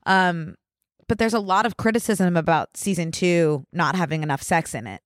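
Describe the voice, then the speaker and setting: A woman's voice: lowish voice, moderate pace, no echo, clean studio sound. A woman in her twenties, from the Philadelphia area, co-hosting a podcast in casual chat, full of "like" fillers. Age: 20s. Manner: chatty, lots of fillers like "like". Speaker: podcast co-host. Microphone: studio mic.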